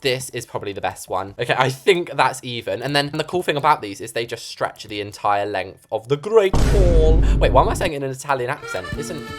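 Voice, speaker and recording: A woman chatting bubbly and excitedly as she narrates her own gameplay while building. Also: very deep voice, fairly quick, few pauses, over music. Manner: bubbly, chatty, bursts into squeals and sing-song. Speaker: gaming YouTuber. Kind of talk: casual gameplay commentary.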